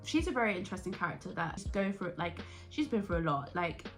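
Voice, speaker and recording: A woman vlogger chatting casually and excitably about a TV series, rambling and jumping between thoughts. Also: lowish voice, fast talker, soft background music. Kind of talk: casual reaction chat.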